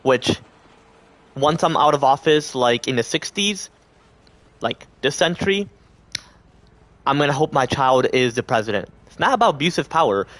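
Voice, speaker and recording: A male livestreamer talks to his chat at a middle pitch. He rambles loosely from thought to thought and slips into little put-on voices to act out what others might say. The delivery is casual and unscripted. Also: animated, normal speed, long pauses, a bit bright, no echo. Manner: acts out quoted voices.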